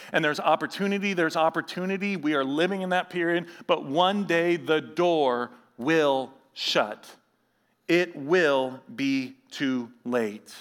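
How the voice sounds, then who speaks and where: A man in his thirties or forties, a pastor preaching a sermon, telling stories with animation and reading scripture slowly. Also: a little high, in a large hall. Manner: animated storytelling, acting out others' voices; reads scripture slowly and gravely.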